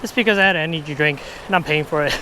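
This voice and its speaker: An excitable man fishing at a river, talking to his viewers and a little out of breath, recorded outdoors on an action camera. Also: a little high, quick pace, slight background noise. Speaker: fishing vlogger. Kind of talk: casual fishing vlog.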